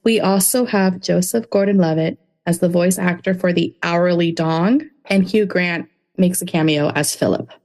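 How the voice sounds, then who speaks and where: A woman guest on a casual podcast, telling stories in a lively, animated way. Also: lowish voice, normal speed. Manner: lively storyteller, animated, laughs easily.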